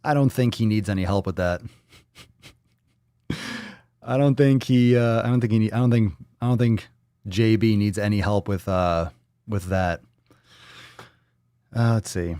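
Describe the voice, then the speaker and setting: A man hosting a fitness live stream, talking bluntly and profanely in quick ranting bursts and reading viewer comments aloud. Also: fairly low pitch, dark tone, dry recording, studio quality. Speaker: fitness livestream host. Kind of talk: casual live-stream talk.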